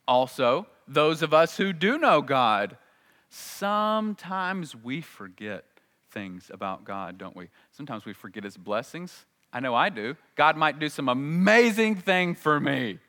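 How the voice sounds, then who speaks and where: Male pastor, bright tone, lively sermon delivery with rhetorical questions. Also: on the high side, a little slow. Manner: animated preaching with acted-out quotes and rhetorical questions.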